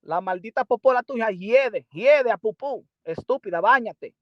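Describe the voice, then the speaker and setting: Heated high-voiced host. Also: male voice, lively intonation, moderate pace, no echo, highs cut off. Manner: heated, mocking, switching between English and Spanish. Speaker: boxing channel host. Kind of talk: livestream commentary answering chat.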